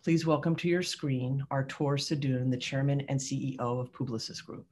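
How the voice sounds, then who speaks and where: A woman's voice: a bass voice, fairly even intonation, moderate pace, darkish tone. A woman giving a prepared, heartfelt tribute toast to a colleague at an awards event. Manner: heartfelt and rhetorical.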